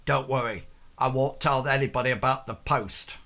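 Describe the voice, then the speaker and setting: A man's voice: mid-range voice, moderate pace, sharp tone. A man voicing a bluff, swaggering male ship captain who calls people lad.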